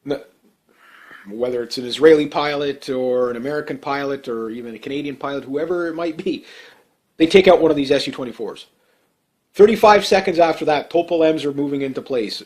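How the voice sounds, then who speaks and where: A man's voice: a little high, brisk, a little mellow. A man giving casual monologue commentary, rambling and heated, with many fillers and restarts. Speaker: political commentator.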